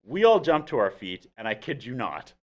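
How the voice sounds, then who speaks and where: A man's voice: medium pitch, moderate pace, highs cut off. A Canadian man with a Canadian accent, hosting a casual podcast chat and telling stories with acted-out quotes. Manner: animated storyteller, acts out quotes. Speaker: podcast host.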